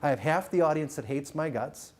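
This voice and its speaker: A middle-aged man giving a live motivational keynote to a room, joking and teasing the crowd with quick questions. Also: on the high side, darkish tone. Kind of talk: live stage talk to an audience. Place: event room with a live audience.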